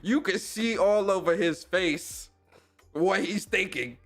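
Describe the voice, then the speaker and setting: A man's voice: high-pitched, slow pace, faint music behind. A young man hosting a podcast, reacting to clips in casual, slangy commentary and laughing often. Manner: animated, slangy, laughs a lot.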